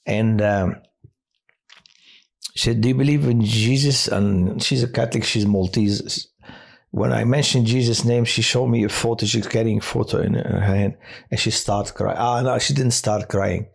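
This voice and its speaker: Husky low-voiced chaplain guy telling stories, stops and restarts a lot. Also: steady tone. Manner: halting, with many restarts and fillers. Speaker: hospital chaplain. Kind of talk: personal testimony on a podcast.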